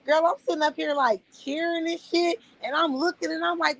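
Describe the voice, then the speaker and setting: A woman in her thirties telling a story in a casual, animated way. She swears freely and calls the listener "girl". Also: very high voice, a little fast, no echo, poor audio. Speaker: vlogger.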